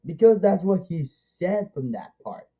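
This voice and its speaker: A man reviewing a movie in a loose, unscripted way, circling back to the same points and repeating himself. He talks slowly, and his voice is slightly high in pitch yet very dark and mellow in tone. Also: big pitch swings, rough recording. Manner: rambling and repetitive, eager, many restarts. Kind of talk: casual spoken movie review.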